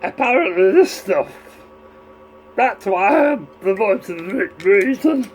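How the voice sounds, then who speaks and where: A man's voice: animated, slow, soft background music. A man doing a mocking impression of a pompous, self-promoting male online broadcaster who keeps asking for money. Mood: grandiose. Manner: booming showman announcing, begging for money.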